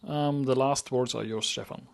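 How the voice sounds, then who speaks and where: Mid-pitched man wrapping up a podcast. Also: fairly even intonation, moderate pace, gravelly. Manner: short replies, plain sign-off pitch. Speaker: podcast co-host. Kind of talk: casual podcast chat. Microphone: online call setup.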